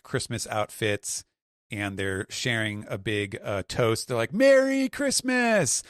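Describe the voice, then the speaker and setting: A man on a podcast panel chats casually and describes things in a rambling way, with plenty of "uh"s and "like"s. His voice sits on the low side. The sound is dry and close, with no room echo. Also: fairly bright tone. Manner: rambling, filler-heavy description with acted quotes. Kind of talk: casual chat.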